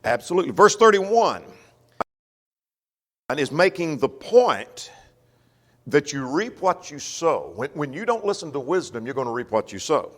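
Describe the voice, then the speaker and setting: A man's voice: on the high side, big pitch swings, a little slow, long pauses. A man teaching a Sunday Bible class in a folksy way, often checking that the class follows. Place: church. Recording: long church reverb.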